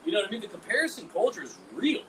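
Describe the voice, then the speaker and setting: A man hosting a candid podcast conversation, animated and asking probing follow-up questions. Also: high voice, racing. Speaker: host. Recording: distant mic with background noise.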